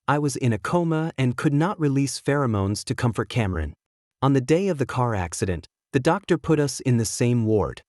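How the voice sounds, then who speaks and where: A man giving a steady, measured first-person narration of a scripted story. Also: mid-range voice, no echo, clean studio sound.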